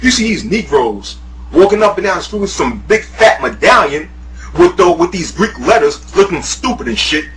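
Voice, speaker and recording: A man talks straight to the camera in a heated, profanity-heavy rant. His voice sits a little high and swings wildly in pitch, and his mocking tone keeps breaking into laughter. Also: big pitch swings, normal speed, noisy background. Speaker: YouTuber, guest. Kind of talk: profane ranting monologue.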